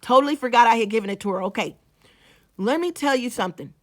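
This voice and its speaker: A woman's voice: on the high side, fast talker. A woman, a small-business owner, telling a story to her viewers in a casual vlog. She is chatty, restarts her sentences and talks straight to the audience.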